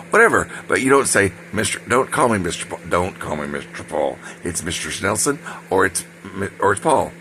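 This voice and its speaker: A man's voice: low-pitched, pushed and bright, slight background noise. An older man telling a rambling personal story, wandering off on side tracks with many ums and self-corrections.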